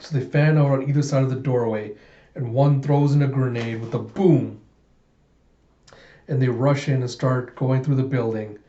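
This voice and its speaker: A man reading a comic aloud, telling the story in a casual, animated way. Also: mid-range voice, moderate pace. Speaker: comic readthrough host. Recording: echoey room, dull lo-fi sound.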